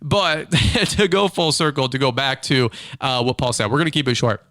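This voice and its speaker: A man hosting a casual business podcast from a small makeshift studio, talking in an animated, rambling way with many fillers and restarts. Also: mid-range voice, moderate pace, no echo. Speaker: podcast host, lawn care business owner. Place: small makeshift home studio with a hard wood table.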